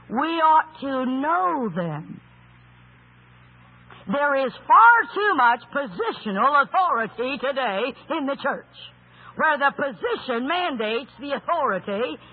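A man preaching a sermon in an emphatic storytelling style, with rhetorical questions, and raising his voice to a shout for stress. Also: extremely high pitch. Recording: tinny phone-like sound.

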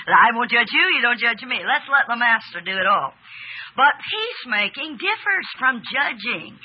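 A woman's voice: on the high side, slightly rough, highs cut off. A woman preaching a sermon, stretching key words for emphasis and putting questions to her listeners. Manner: emphatic, drawn-out stresses, asks audience questions. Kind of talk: sermon with audience exchange.

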